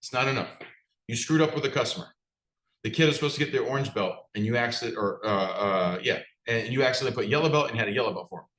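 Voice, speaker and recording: A man's voice: mid-range voice, fast talker, fairly bright tone, roomy sound, poor audio. A man, a business coach, giving a direct, conversational motivational talk and putting questions to his audience. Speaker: business coach for martial arts school owners.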